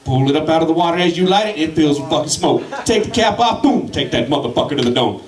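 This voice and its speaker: Performing stand-up in a comedy club before a live audience, this man from Colorado talks fast and expressively in a slightly high voice. His set is rowdy and profane, and he yells at the crowd, all captured from afar in an echoey room.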